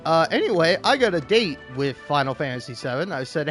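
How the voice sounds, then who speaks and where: Young male gaming host, high voice, rambling comedic commentary, faint music behind. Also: very animated, a little fast, a bit bright. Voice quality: rambling, full of "like" and restarts.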